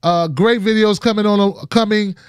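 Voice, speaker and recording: A man with a high-pitched voice hosts a political commentary show, talking to his viewers casually and with emphasis at a normal speed. His delivery is smooth and repetitive: he often repeats phrases and restarts them. The recording is dry and of studio quality.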